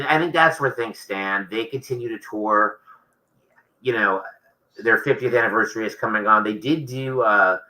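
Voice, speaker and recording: A man's voice: fairly low pitch, pushed and bright, rough recording. A man, an author being interviewed, talking casually and rambling with many restarts.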